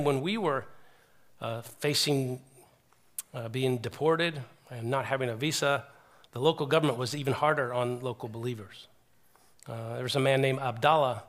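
A middle-aged man preaching a sermon, earnest and animated, with frequent restarts as he retells stories. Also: a little high.

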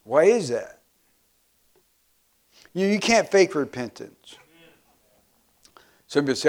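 A man preaching a sermon as pastor, filling pauses with "uh" and calling for amens. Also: on the high side, very animated, a little mellow. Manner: preaching with frequent "uh" fillers, asking for amens.

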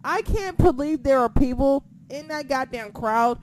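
A young woman with a slightly high voice, talking excitably and swearing freely in a casual chat. She laughs often, and a faint hiss of noise sits under her voice. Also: measured pace, poor audio. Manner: excitable, profane, laughs a lot. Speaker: co-host of a wrestling chat.

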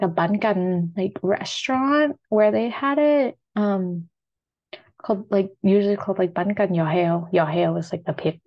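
Young american woman rambling about food, kinda low voice, says like a lot. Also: a little mellow, dull audio. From United States. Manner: rambling, filler-heavy, upbeat. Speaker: food vlogger. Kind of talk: casual solo food chat.

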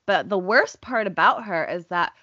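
A woman's voice: medium pitch, normal speed, no room sound, lo-fi sound. A woman co-hosting a casual chat, telling events emphatically and swearing freely. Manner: animated, emphatic storytelling with swearing. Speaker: podcast co-host.

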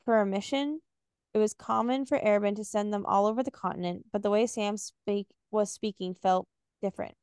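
A woman's voice: mid-range voice, steady tone, fairly quick, darkish tone, clear, resonant tone, no echo, studio quality. A young woman co-hosting a podcast, recapping a novel and reading passages aloud with casual fillers. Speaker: podcast co-host.

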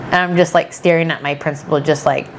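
A woman in her thirties, a podcast guest, telling a personal story in a chatty, animated way and acting out what people said. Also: low voice, fast, a little hiss or hum. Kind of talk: casual storytelling chat.

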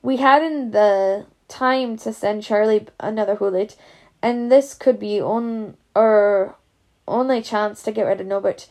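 A woman's voice: medium pitch, unhurried, darkish tone, natural voice. A woman reading the lines of a determined boy wizard, urgent and practical.

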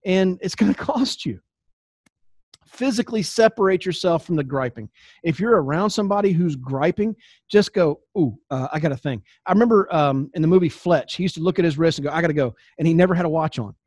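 A man's voice: sits high, animated, a little fast, darkish tone, no room sound, clean studio sound. A middle-aged man giving a folksy, preachy sales training talk, laughing at his own asides. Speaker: network marketing trainer. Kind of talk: motivational training talk to camera.

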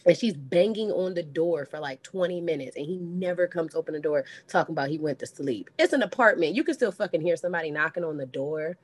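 A woman co-hosting a podcast, retelling a reality show in casual chat, blunt and animated with cursing. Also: low voice, fast talker, hardly any pauses, no echo. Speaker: podcast co-host.

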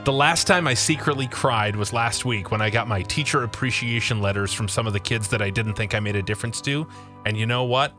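A man's voice: mid-range voice, a little fast, over music. A man hosting a radio show, steering the talk and reading listener messages in an easygoing way. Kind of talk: casual studio banter, reading listener messages. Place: radio studio. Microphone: studio microphone.

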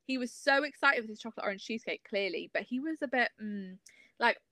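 A young woman co-hosting a podcast, talking in a relaxed casual chat with "um" and "like" fillers. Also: a little high, fast, no room sound. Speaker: podcast co-host.

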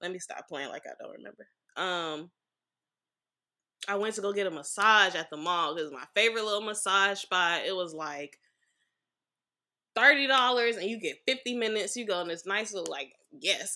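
A woman's voice: mid-range voice, sharp tone. A woman guest on a podcast, telling a personal story in a blunt, frank way and swearing freely.

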